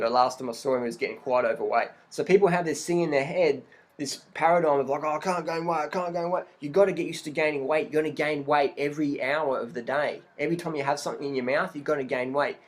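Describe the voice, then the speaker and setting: A man's voice: medium pitch, steady tone, fast, low-quality recording. A man talking in an emphatic, repetitive vlog rant, laughing often. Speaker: vlogger.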